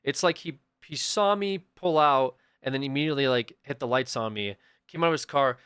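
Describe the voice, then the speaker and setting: A young man, a livestreamer, casually telling a story to his chat and acting out the people in it with sudden loud bursts. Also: medium pitch, fairly quick, smooth, no echo, studio quality.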